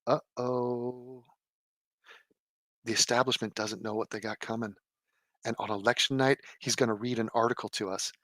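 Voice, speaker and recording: A man's voice: steady tone, quick pace, bright, forceful tone, no echo. A man giving sarcastic, mocking live commentary from a desk at home. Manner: sarcastic, mocking, mimics people in a low mumble. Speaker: political commentator.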